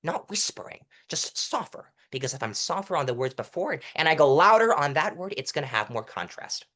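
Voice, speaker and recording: This is a young man giving advice on courtroom presence in a relaxed interview. His pitch rises and falls a lot. He keeps stopping to act out short lines and shows how loud and soft delivery sounds. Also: fast. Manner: animated, demonstrates delivery by reciting lines at different volumes. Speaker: interview guest, mock trial competitor. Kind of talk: casual coaching interview.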